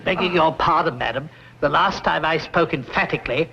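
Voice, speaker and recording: Pompous butler, timid and formal, high voice, dull old tv audio. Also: male voice, fairly quick, creaky, over a noisy crowd, very noisy. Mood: fussy. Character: stuffy, timid English butler. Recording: lo-fi 1960s TV sound.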